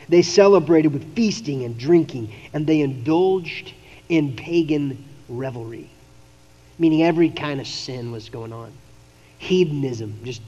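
A man preaches to his congregation in an easygoing, conversational tone, animating the characters he quotes with playful voices. His voice sits high and mellow. The audio is dull and lo-fi, with a long reverb trailing off the walls of a large church hall. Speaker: pastor. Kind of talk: sermon.

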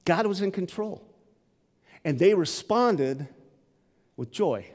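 A male pastor giving a sermon and telling its story in a lively, dramatic way. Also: sits high, slow, in a large hall.

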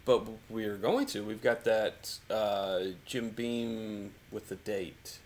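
A man co-hosting a live whiskey tasting stream, relaxed and joking. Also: lowish voice, slow. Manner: relaxed, joking, laughs often. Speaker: co-host. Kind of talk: casual live tasting chat. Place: home in Kentucky.

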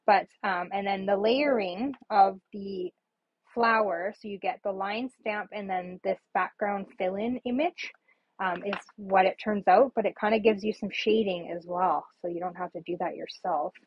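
Speaking at a normal pace in a medium pitch with a breathy edge, a papercraft demonstrator chats her way through a live stream of her handmade cards. She meanders, says um often, and laughs at herself; the audio is dull, with no room sound.

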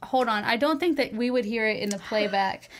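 A woman with a mixed Wisconsin and Southern accent hosting a casual radio talk show, chatty and quick to laugh. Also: a little high, a loud crowd. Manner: chatty, laughs often, filler-heavy.

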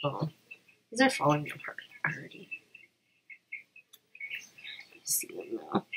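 A woman's voice: low voice, huge pitch swings, moderate pace, whispered, poor audio. A woman chatting casually through an unboxing while she has a cold, rambling with lots of fillers. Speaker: vlogger.

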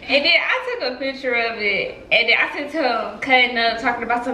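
A woman chatting casually with her twin during a mukbang, slangy and quick to laugh, recorded on a vlog camera at home. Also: a little high, expressive, bright, forceful tone, a little hiss or hum. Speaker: vlogger's twin sister, guest. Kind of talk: casual chat over a mukbang. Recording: echoey room, faint music.

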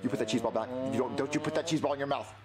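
A man's voice: mid-range voice, heavy background noise, natural voice. Man doing a scolding exasperated puppet dad. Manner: scolding, repetitive, fast.

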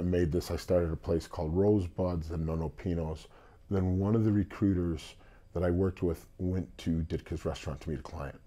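A deep, husky man talks in a mellow, warm tone. He tells his story casually and with animation, acting out what people said to him. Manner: animated storyteller, acts out quotes. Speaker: singer, interview guest.

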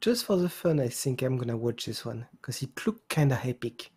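A man's voice: mid-range voice, lively intonation, a little fast, a little mellow, slightly rough. A man co-hosting a casual podcast chat, joking and exaggerating. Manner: jokey, exaggerating. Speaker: podcast co-host.

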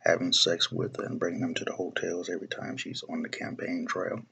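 A young male video blogger delivers a blunt, profane political rant to camera, repeating himself and restarting phrases as he circles back. His deep voice is husky, bright and forceful, with vocal fry, a fairly quick pace, and a completely flat delivery.

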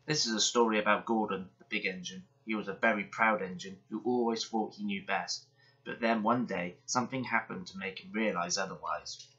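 A man reading a children's bedtime story aloud in a gentle, expressive way. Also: on the low side, brisk. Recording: dull lo-fi sound.

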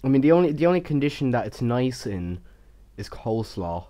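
A man's voice: medium pitch, sing-song, fairly quick, mellow. A young man rambling casually as he voices over his game time lapse, stuttering and poking fun at himself. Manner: rambling, stuttering, self-mocking. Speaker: Minecraft YouTuber.

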